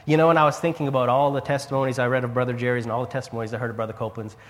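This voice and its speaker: A man's voice: mid-range voice, flat delivery, racing, big-room sound. A man preaching, telling a personal story with frequent repeated words and sudden rises and drops in his voice. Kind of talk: sermon testimony.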